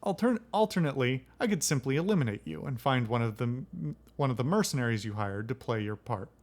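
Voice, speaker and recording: A man's voice: medium pitch, animated, brisk, darkish tone, natural voice. A man reading game dialogue aloud as a formal male corporate executive who makes veiled threats. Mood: cold, formal.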